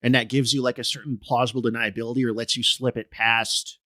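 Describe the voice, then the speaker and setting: A man co-hosting a film podcast in casual discussion, talking haltingly with many restarts and fillers. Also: mid-range voice, little pitch movement, pushed and bright, no room sound, clean studio sound. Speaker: podcast co-host.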